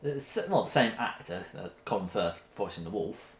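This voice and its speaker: A man's voice: sits low, lively intonation, moderate pace. A man talks casually over a meal and often breaks off to restart his sentences. The room is roomy and reverberant. A faint background noise sits under his voice. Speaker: co-host.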